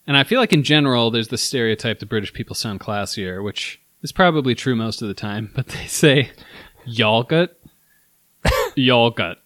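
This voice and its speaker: A man's voice: medium pitch, lively intonation, fast, hardly any pauses, fairly bright tone, no echo. A man co-hosting a casual podcast chat, rambling and hesitant but candid. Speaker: podcast co-host.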